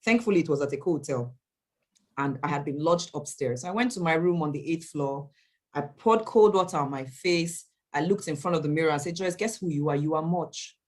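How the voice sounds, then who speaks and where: A woman, an event MC answering questions in a motivational talk, emphatic and animated as she tells stories. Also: low-pitched, fairly quick. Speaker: event MC and speaker.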